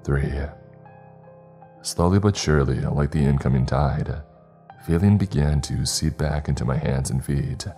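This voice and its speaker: A man with an extremely deep, dark, mellow voice narrates a scripted horror story. He tells it in a measured, dramatic way, with faint music running underneath. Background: faint background music.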